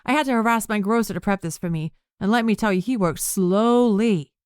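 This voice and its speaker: A woman narrator voicing a brisk, bossy young woman who arrives breathless with remedies. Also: mid-range voice, smooth, no echo, studio quality, voice pushed up, close to an everyday voice.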